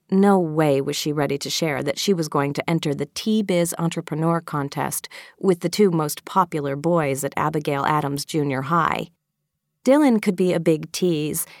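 Low-voiced woman reading a story. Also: normal speed, darkish tone, no room sound, studio quality. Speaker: audiobook narrator. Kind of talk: scripted narration.

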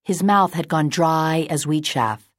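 A woman narrating a novel in a steady, composed storytelling manner. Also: low voice, a little slow, dry recording, clean studio sound. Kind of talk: audiobook narration.

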